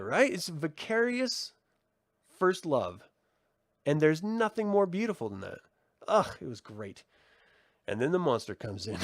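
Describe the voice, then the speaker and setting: A fairly high-voiced man talks through a TV episode in a loose, casual review. He gets excitable, swears freely and leans on "like" as filler. The sound is dry and close, with no room around it. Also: no echo. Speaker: TV series reviewer. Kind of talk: casual video review commentary.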